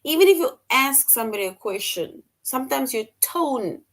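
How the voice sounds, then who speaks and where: A woman's voice: sits high, lively intonation, normal speed. A woman teaching a middle-school grammar lesson, repeating key points and explaining with examples.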